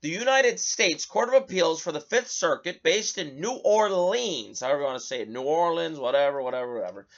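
A man's voice: fairly high pitch, fast talker, hardly any pauses, highs cut off. A man hosting a political talk show, giving heated commentary and reading news headlines aloud. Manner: animated, indignant, reads headlines aloud.

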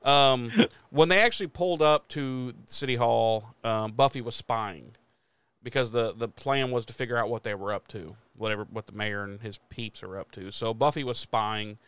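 A man talks through a TV episode recap in a loose, rambling way, dropping swear words constantly and breaking into laughs. His voice is smooth and clear, recorded dry and close with no room sound. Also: medium pitch, normal speed, a bit bright, no room sound. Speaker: podcast host recapping episodes. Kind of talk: casual profane recap chat.

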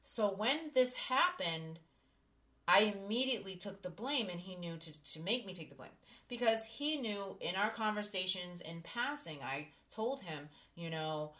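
A woman's voice: medium pitch, animated, measured pace, a bit bright. A woman hosting a podcast, candidly telling a personal story with emphasis. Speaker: podcast host. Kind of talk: casual podcast conversation.

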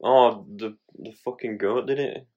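A man's voice: lowish voice, a little slow, lo-fi sound, a crowd in the background. A young man, co-hosting a casual podcast in a laid-back, sweary way. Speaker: podcast co-host. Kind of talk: casual chat.

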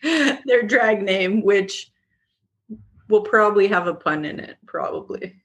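Slow-talking woman co-hosting. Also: medium pitch, animated. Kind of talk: casual interview.

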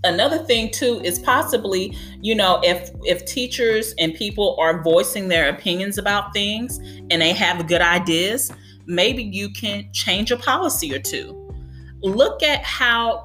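This woman's voice is mid-range with a sharp tone. Hosting a podcast for childcare educators, she delivers a conversational advice monologue, earnest and encouraging, frequently saying "you know."

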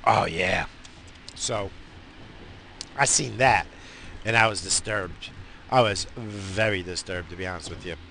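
A man's voice: low-pitched, a little slow, creaky, long pauses, a little hiss or hum. A man ranting casually and profanely from inside his car, rambling from one thought to the next. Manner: profane, rambling, animated rants. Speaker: vlogger. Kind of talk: rambling stoned casual chat. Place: in a parked car.

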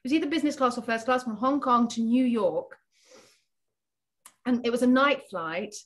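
An actress being interviewed, chatty and animated, laughing often as she tells an anecdote. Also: a little high, moderate pace. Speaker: actress guest. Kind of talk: casual interview chat.

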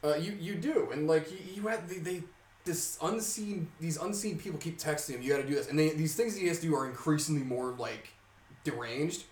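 A young man in casual podcast chat, retelling a story with heavy swearing, frequent laughter and rising excitement. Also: a little high, brisk, recorded from a distance. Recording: roomy sound from off mic.

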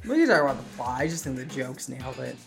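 Animated, profane young woman podcast host. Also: extremely low pitch, racing, vocal fry, faint music behind. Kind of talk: casual comedy podcast chat.

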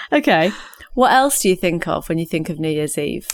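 A woman's voice: on the low side, noisy background. A woman co-hosting a comedy podcast, gleefully telling a silly prank story and laughing at her own jokes. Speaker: podcast co-host. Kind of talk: comic storytelling chat.

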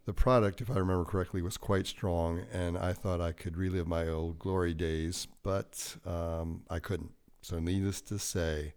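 A man co-hosting a podcast, talking in a relaxed, rambling and jokey way. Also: low voice, moderate pace, few pauses, clean tone. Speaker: podcast co-host. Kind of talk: casual podcast chat.

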